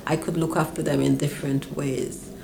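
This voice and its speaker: A woman's voice: normal speed, vocal fry, background noise. An older woman from Grenada, telling stories about her past in an interview and acting out her parents' voices. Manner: animated, acts out her parents' voices with big pitch swings. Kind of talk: reminiscing storytelling.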